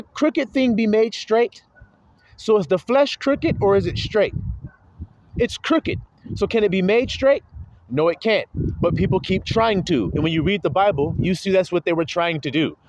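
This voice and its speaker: A man's voice: high voice, darkish tone, a little hiss or hum, poor audio. A man preaching a sermon, pressing his listeners with rhetorical questions and calling them his little flock.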